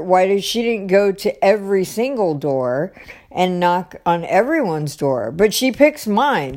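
A woman's voice: mid-range voice, darkish tone. A woman vlogger telling a story in a casual, rambling way, full of fillers and exasperated asides. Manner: rambling, many fillers and restarts.

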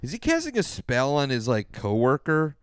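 A man's voice: medium pitch, huge pitch swings, normal speed, smooth, no echo, clean studio sound. A young man on a casual podcast, rambling with hesitant fillers and mocking asides. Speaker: podcast co-host.

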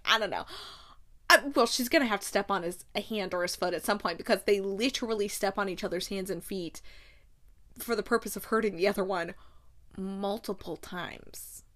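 A woman hosting a podcast, chatting casually and gushing about a romance novel, with quick asides and frequent laughs. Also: mid-range voice, sharp tone. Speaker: podcast host. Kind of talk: casual book chat.

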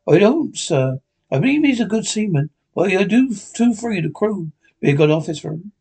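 A man's voice: sits high, big pitch swings, moderate pace, gravelly, mellow, breathy edge, full character voice. A man voicing a blunt, stern male ship's captain in a classic novel read aloud, with clipped, firm speech and a few stumbles. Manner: clipped, firm, stumbling over some words.

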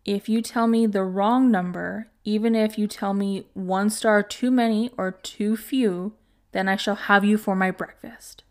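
A woman's voice: mid-range voice, steady tone, a little slow, natural voice. A woman voicing a fierce, menacing old witch in a folk tale she is reading aloud.

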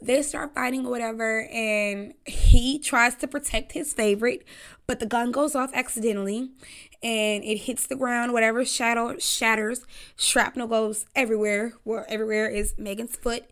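A woman's voice: a little high, fairly even intonation, normal speed, fairly bright tone, smooth. A young woman hosting a casual talk show, rambling and cussing with laughing asides. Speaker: podcast host. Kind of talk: casual storytelling chat.

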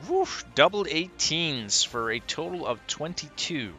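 A man narrating as game master, describing attacks vividly and working out ranges and distances out loud. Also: a little high, sing-song, unhurried, soft background music. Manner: descriptive, works out distances aloud.

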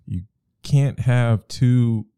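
A man's voice: medium pitch, drawn-out words, dark tone, clear, resonant tone, no room sound. A man in casual podcast chat, talking in a loose, rambling, emphatic way.

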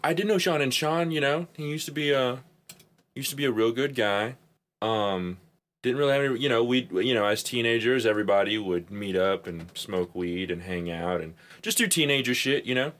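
A young man co-hosting a podcast, telling stories in casual chat, animated, laughing often and swearing freely. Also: mid-range voice, normal speed. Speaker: podcast co-host.

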